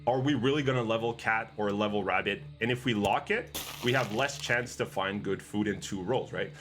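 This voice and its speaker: A man's voice: lowish voice, moderate pace, fairly bright tone, faint music behind. A man commentating his own gameplay live as a streamer, playful and teasing with his chat. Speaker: game streamer.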